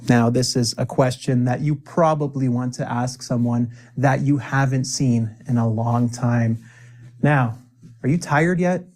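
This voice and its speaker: A man with a mid-range, slightly mellow voice runs an English lesson in an upbeat, encouraging way. He voices example phrases slowly and clearly for the learners to say back.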